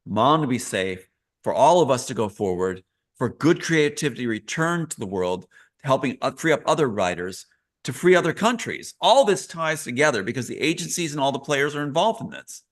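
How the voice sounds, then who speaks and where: A man's voice: mid-range voice, very animated, normal speed. A man as a live interview guest, talking earnestly and emphatically, repeating key phrases.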